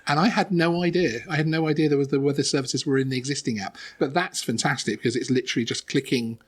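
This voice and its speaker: A man's voice: medium pitch, fairly even intonation, fast talker. A man hosting an interview, enthusiastic and full of restarts as he asks a developer about an app. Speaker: channel host interviewing a developer. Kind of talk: casual interview.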